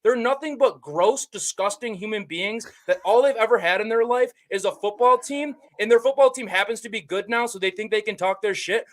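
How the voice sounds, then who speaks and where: A man's voice: high-pitched, a little fast, few pauses, a bit bright. A man on a casual podcast, ranting in a heated, profane, indignant way.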